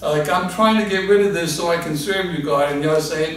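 A male pastor teaching a Bible study in earnest, restarting and repeating phrases, dropping lower and softer when he quotes God. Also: brisk. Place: church hall. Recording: echoey church room from a distant mic, faint noise.

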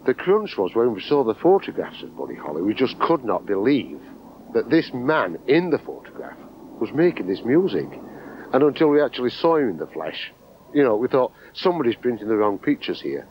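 A man from England recalling seeing a concert as a fan, speaking in an excited, emphatic way outdoors by the venue. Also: mid-range voice, fairly quick, slight background noise, low-quality recording. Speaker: fan interviewee. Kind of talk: enthusiastic reminiscing interview.

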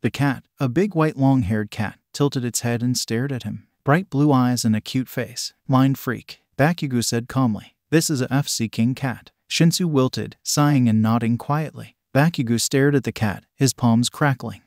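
Man, fanfic narration, even plain reading, dry close sound, mid pitch. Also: normal speed, hardly any pauses, no room sound.

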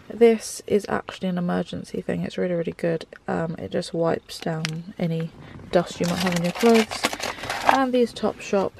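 A woman's voice: fairly low pitch, gravelly, noisy background. A woman vlogging from inside her car, chatting and gushing with lots of ums. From England. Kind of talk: casual car tour vlog.

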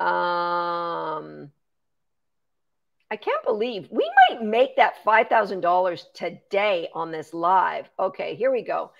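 A woman's voice: lowish voice, expressive, slow pace, gravelly, dull audio. A woman, a dog trainer, chatting through a live Q&A, explaining training steps and thanking viewers by name. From Canada. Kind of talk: live-stream Q&A.

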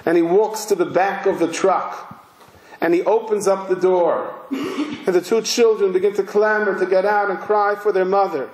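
A male rabbi giving a sermon, telling a story slowly and emphatically. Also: high voice, fairly even intonation, darkish tone. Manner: slow, emphatic, vivid narration. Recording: roomy hall echo.

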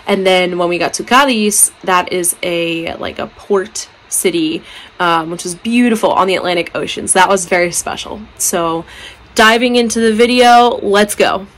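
A woman from the States chats to her camera in a loose, upbeat vlog style. She sounds a little sick and stuffy from a lingering cough, and her voice sits somewhat low. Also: normal speed, a bit bright, rough recording. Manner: chatty and upbeat, lots of "like" and "um". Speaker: travel vlogger. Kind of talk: casual vlog talk to camera.

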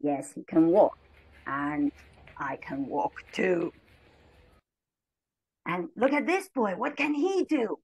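A woman leading an English lesson for very young learners, cheerful and slow, her voice jumping high on the commands. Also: lively intonation, a little mellow, rough recording. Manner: cheerful, slow and clear, with big pitch jumps on commands. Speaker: teacher trainer leading a model lesson. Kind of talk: lively classroom teaching to young children.

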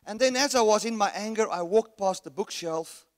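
Male guest preacher, high voice, story-driven delivery, live hall reverb. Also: normal speed. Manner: storytelling, rising to shouts when reenacting anger. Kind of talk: sermon with anecdote. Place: resort hall at a church camp. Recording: long reverb of a large hall.

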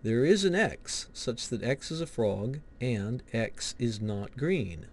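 A man's voice: medium pitch, animated, takes it slowly, a little mellow. A man teaching a logic lesson, explaining step by step and asking and answering his own questions. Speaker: logic instructor. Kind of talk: recorded lecture walkthrough.

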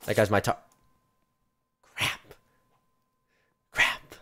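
A young man streaming a video game and unboxing cases, excitable, swinging from hushed mumbling to loud yelps and repeating phrases in rapid strings. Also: slight background noise. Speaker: gaming streamer. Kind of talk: live-stream case unboxing commentary.

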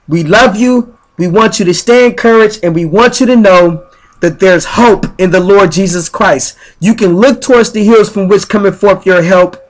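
A man leading guided spiritual affirmations in slow, repetitive, chant-like phrases. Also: high voice. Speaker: spiritual speaker.

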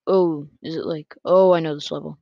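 A gaming YouTuber giving casual, excitable play-by-play commentary on a close mic that picks up breathing, with quick self-corrections. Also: mid-range voice, gravelly, no room sound. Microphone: close desk mic picking up breath. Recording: dull lo-fi dry sound.

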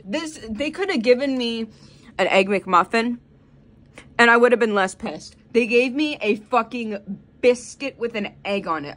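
A woman's voice: medium pitch, a bit bright. A young woman vlogging casually, ranting with lots of swearing and dramatic swings from mumbled complaints to shrieks. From Tampa area, Florida.

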